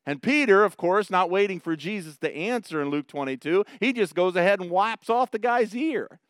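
Male pastor, sermon delivery, smooth clear voice, dry close sound, animated retelling. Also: high voice, normal speed, no echo. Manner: animated, dramatic retelling with rising emphasis. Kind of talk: expository sermon.

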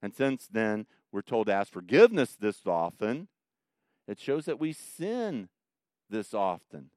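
A middle-aged male pastor giving a conversational sermon, swinging from loud emphatic bursts down to soft, quiet asides. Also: on the low side, big pitch swings, measured pace, no echo, clean studio sound.

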